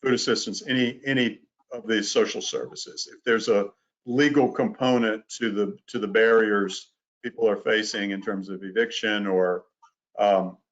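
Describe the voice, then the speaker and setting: A man presenting legal resources in a webinar, speaking haltingly with frequent fillers. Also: fairly low pitch, fairly even intonation. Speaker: disability legal advocate presenter. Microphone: video call. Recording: dull lo-fi call audio.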